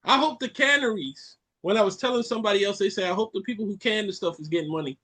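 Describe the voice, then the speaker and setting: A Caribbean man hosting a podcast, ranting in an animated way and repeating lines for effect. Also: sits high, quick pace. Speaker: podcast host. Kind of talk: casual chat.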